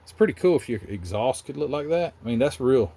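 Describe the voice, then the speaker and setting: A man's voice: mid-range voice, animated, a little fast, warm tone. A man with a Southern US accent, hosting a casual, rambling chat about model car building in his hobby workshop. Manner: rambling, chatty, self-interrupting.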